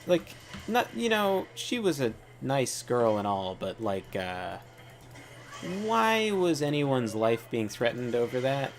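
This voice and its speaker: A man hosting a gaming channel, telling rambling, offhand stories while he plays. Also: medium pitch. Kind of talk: casual gaming commentary.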